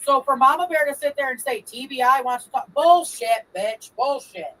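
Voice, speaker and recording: A woman on a livestream insisting loudly and defensively, swearing freely. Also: high voice, moderate pace, rough recording. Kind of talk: heated livestream talk.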